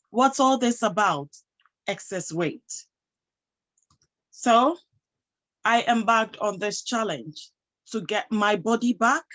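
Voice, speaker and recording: A woman's voice: a little high, a bit bright, low-quality recording. A woman giving a motivational talk to an audience, emphatic, posing rhetorical questions and answering them herself. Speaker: motivational speaker and health professional.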